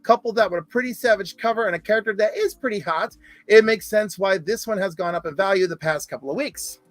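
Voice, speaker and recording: High-voiced chatty podcast host. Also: male voice, quick pace, fairly bright tone, no echo. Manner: chatty, rattles off lists of titles. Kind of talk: casual comic book podcast chat.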